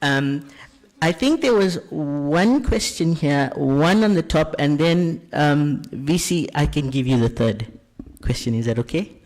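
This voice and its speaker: A man's voice: fairly high pitch, lively intonation, measured pace, darkish tone. A man moderating a question session in a lecture hall, polite and full of fillers.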